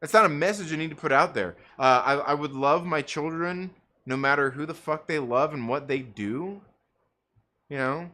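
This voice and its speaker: A man's voice: a little high, normal speed, pushed and bright. A man ranting in casual livestream commentary, profane and rambling, full of fillers and restarts. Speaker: livestream co-host; parent.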